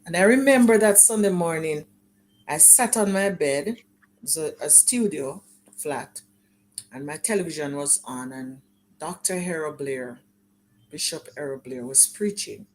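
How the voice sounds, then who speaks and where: Low-voiced woman telling her testimony. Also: a little slow, slight background noise. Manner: earnest, emotional storytelling, acting out remembered dialogue. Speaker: guest sharing her life story. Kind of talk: personal testimony in an interview.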